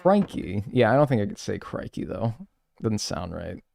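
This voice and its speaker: A man's voice: lowish voice, normal speed, vocal fry, over music. A man streaming a game live, chatting casually, rambling and joking with viewers.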